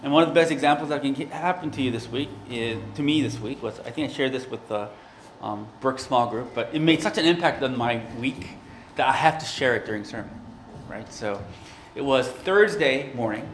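A man's voice: medium pitch, brisk, slight background noise. Man preaching in an echoey room. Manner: earnest, conversational preaching with fillers. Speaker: pastor. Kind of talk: sermon.

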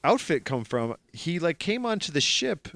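Playful man with a very lively voice. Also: on the high side, creaky, dry recording. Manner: playful, keen on quick impressions, rambling restarts. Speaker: podcast co-host. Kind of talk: casual chat.

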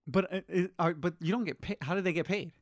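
A man in casual chat, profane and animated, ranting loudly and swearing often. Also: high-pitched, quick pace, no room sound, studio quality.

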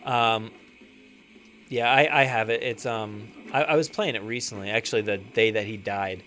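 A man's voice: lowish voice, normal speed, bright, forceful tone. A young man co-hosting a podcast, chatting casually while playing a video game, laid-back, trailing off with fillers and swearing often. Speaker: podcast co-host. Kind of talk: casual chat while gaming.

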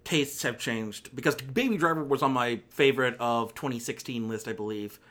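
Bright-voiced sardonic male film reviewer. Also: normal speed. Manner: rambling and sardonic, with exasperated high-pitched outbursts. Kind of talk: casual countdown commentary.

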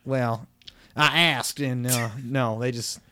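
A man's voice: medium pitch, steady tone, slow, pushed and bright, clear, resonant tone. A man talking in a rambling, folksy drawl as a guest in a comedic interview.

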